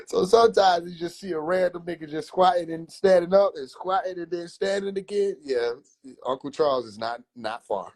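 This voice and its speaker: A man livestreaming from his phone, casually telling animated, profane childhood stories and laughing between lines. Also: high-pitched, normal speed. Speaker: comedian livestreamer. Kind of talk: casual comedic storytelling.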